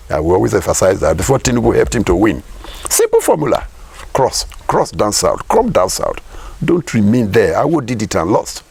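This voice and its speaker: A man's voice: mid-range voice, creaky, darkish tone. A middle-aged Nigerian man giving political commentary in an interview, emphatic, firing rhetorical questions and repeating his points.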